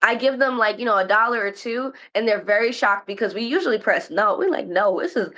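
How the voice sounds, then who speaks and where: An American woman on a casual podcast, her voice sitting fairly high. She tells stories with energy and jumps into acted-out voices for the people she quotes. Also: fairly quick. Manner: animated storytelling, acts out quoted voices. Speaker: podcast host. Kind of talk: casual chat.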